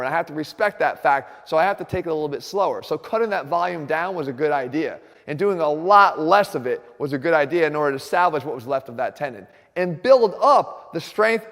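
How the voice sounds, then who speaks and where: A man's voice: fairly high pitch, big-room sound. A man hosting an instructional fitness video, speaking earnestly and directly to his viewers.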